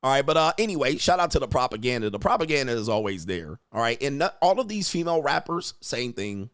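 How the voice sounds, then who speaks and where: A man's voice: mid-range voice, big pitch swings, fast, fairly bright tone, dry recording, clean studio sound. A man hosting his own stream, giving blunt, mocking commentary while reacting to a clip. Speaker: host.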